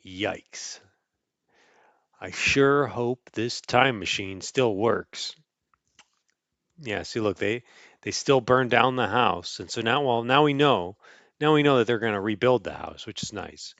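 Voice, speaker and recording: A man casually reading a picture book aloud to a child, playful and animated, adding sound effects and chuckles. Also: medium pitch, takes it slowly, no echo, muffled recording. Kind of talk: casual storybook read-aloud.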